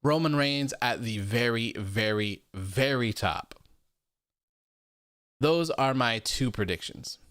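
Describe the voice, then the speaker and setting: A young man hosts a live wrestling post-show in a loose, chatty way. He reads viewer comments aloud and laughs easily. His voice comes across smooth and clear in a dry, close setting. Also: medium pitch, expressive, takes it slowly, fairly bright tone, no room sound. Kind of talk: casual live-stream commentary.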